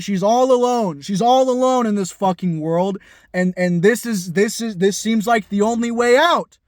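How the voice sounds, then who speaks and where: Guy doing a sweary film review vlog, high voice, keeps restarting, dry close sound. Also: no room sound. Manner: emphatic, profane, many restarts.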